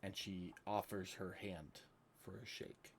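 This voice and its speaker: A man's voice: deep voice, steady tone, slow, a little hiss or hum. A man narrating a tabletop game as game master, in a laid-back way with frequent fillers.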